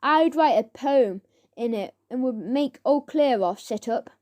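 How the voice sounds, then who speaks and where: A woman's voice: on the high side, lively intonation, a little slow, a little mellow. A woman reading a children's audiobook, voicing a playful, giggly young schoolgirl.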